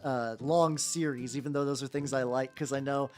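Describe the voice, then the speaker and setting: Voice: mid-range voice, steady tone, normal speed, darkish tone, faint music behind. A streamer chatting casually while painting miniatures, rambling with lots of "like" fillers and restarts, answering chat as they go.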